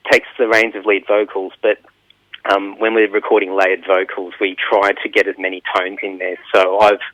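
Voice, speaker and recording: A man with an Australian accent, chatting casually in an interview as a band's bass player, rambling and self-mocking as he acts out studio exchanges. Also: a bit bright, no room sound, poor audio. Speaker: band bass player, guest.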